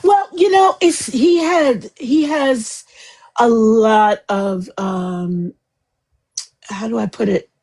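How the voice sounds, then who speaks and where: A woman's voice: on the high side, slow pace, a little mellow. A woman hosting a casual livestream chat, rambling and chatty, laughing often. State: eyes watering from chemo. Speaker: livestream host.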